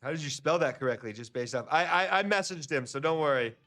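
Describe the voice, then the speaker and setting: A man's voice: fairly high pitch, fast talker, pushed and bright. A man hosting a casual trading livestream, talking upbeat and chatty to his viewers.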